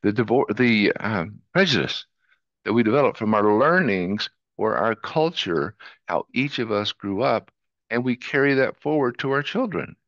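A man's voice: on the low side, expressive, moderate pace, a bit bright, no room sound, muffled recording. A man with a Southern US twang, a podcast guest talking earnestly and listing ideas one after another. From southern United States. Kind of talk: interview conversation.

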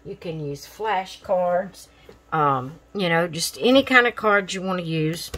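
A woman hosting a casual craft vlog, tired and chatting in an unhurried, rambling way. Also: fairly low pitch, fairly bright tone. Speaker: craft channel host.

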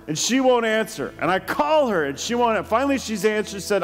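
A pastor preaching a sermon, telling a personal story in a chatty way and laughing often. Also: male voice, high-pitched, very animated, moderate pace, hardly any pauses, long reverb tail, faint music behind. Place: church hall.

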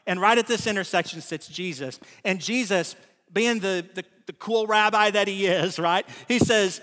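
Man, pastor, conversational sermon, keeps asking "right?", vivid bright voice, long church-hall echo. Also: sits high, moderate pace. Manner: conversational preaching with frequent "right?" asides.

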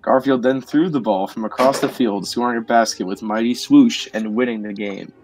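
A man reading a silly fan story aloud as a podcast host, flat and mock-serious. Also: medium pitch, moderate pace, soft background music, low-quality recording.

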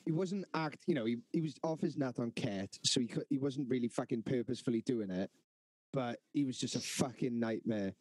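Animated sweary man, dry sound. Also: mid-range voice, a little fast, no echo. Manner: animated, sweary, acts out quotes. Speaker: podcast co-host. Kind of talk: casual storytelling among friends.

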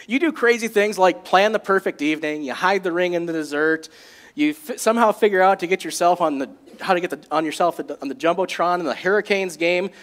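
A man preaching a sermon as a pastor, in a jokey and animated way. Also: high-pitched, fast talker.

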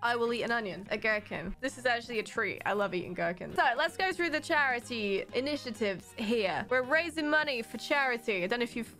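A woman's voice: a little high, fairly bright tone. A young woman in her twenties chatting casually on a charity livestream, bubbly and self-mocking, laughing often. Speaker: streamer hosting a charity stream.

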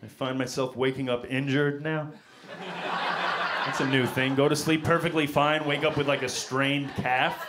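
A man's voice: medium pitch, moderate pace. A man, performing a self-deprecating stand-up set on a comedy club stage with a handheld mic. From Queens, New York. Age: 40s. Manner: wry, self-deprecating, deadpan delivery. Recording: live club recording with audible crowd noise. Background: audience laughter and club noise.

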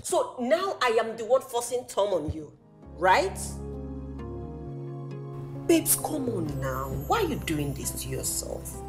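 A high, sing-song voice with a Nigerian accent belongs to a young woman in a film, who teases her anxious friend. She mixes Pidgin into her English, and her pitch leaps up and down. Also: takes it slowly, pauses often, over music. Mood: teasing. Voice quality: teasing, lively, mixing Pidgin into English. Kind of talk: film drama acting.

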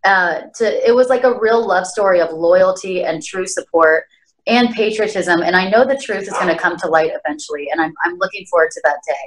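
A woman's voice: on the low side, fairly quick, poor audio. A woman co-hosting a casual panel chat, talking in an earnest, enthusiastic way. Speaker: co-host.

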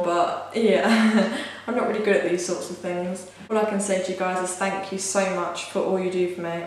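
A young woman vlogging casually as she unboxes something, excitable and gushing, with lots of "like" fillers. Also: medium pitch. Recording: very echoey room, faint hiss.

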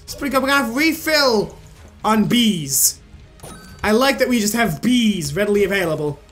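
A man's voice: high voice, animated, moderate pace, fairly bright tone. A young man hosting a gaming channel, rambling and joking with plenty of swearing as he comments on his play. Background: faint game music.

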